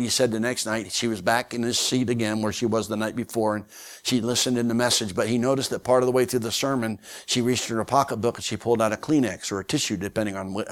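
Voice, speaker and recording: A man preaching as a guest speaker, telling a story in a folksy, animated way with many fillers. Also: on the low side. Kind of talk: sermon storytelling.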